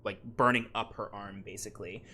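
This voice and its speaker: A man's voice: lowish voice, steady tone, a little fast, bright, forceful tone, a little hiss or hum. A man running a tabletop game as game master, narrating loosely with lots of fillers.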